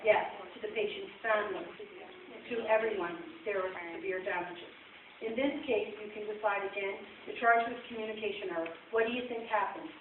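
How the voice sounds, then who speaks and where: A woman's voice: mid-range voice, fairly even intonation, moderate pace. A woman presenting nursing case studies at a convention session and quizzing the audience as she goes. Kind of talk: conference talk. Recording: echoey hall from far off, phone-like and noisy.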